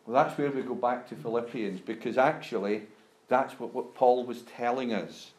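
A man preaching a sermon, speaking deliberately and rising to emphatic peaks as he reads scripture aloud. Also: medium pitch, darkish tone. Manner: slow, deliberate, emphatic rises when reading scripture. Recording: roomy echo.

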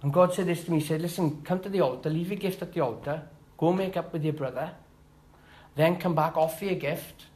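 A middle-aged man giving a personal church testimony, halting and heartfelt, with restarts and rising emphasis. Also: on the high side, a little mellow, low-quality recording. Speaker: testimony speaker.

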